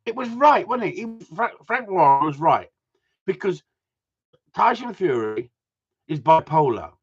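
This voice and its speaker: A man's voice: high-pitched, big pitch swings, unhurried. Man, middle-aged, sweary live stream host, bouncy delivery, muffled recording. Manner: swears a lot, laughs often, chatty. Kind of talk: casual chat with viewers. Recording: dull lo-fi sound.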